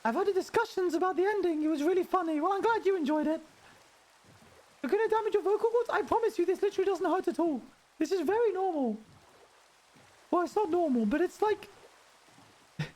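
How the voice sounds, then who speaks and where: A male streamer chats with his viewers in a strikingly high, put-on head voice. He rambles from thought to thought in a loose, casual way and laughs often. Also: animated, brisk, long pauses, a little mellow. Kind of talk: casual live-stream chat while gaming.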